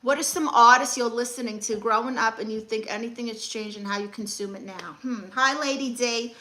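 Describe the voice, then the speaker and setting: A woman's voice: on the high side, brisk, sharp tone. A young woman comedian hosting a live stream, reading comments and handing out blunt, sassy advice.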